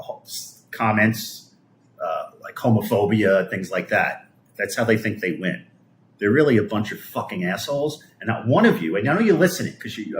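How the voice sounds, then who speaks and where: A man's voice: fairly low pitch, roomy sound. A middle-aged man from Brooklyn, ranting with scorn and heavy swearing on a live stream, stumbling and restarting often. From Brooklyn, New York. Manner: foul-mouthed, scornful, halting with restarts. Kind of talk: profane political rant on a live stream.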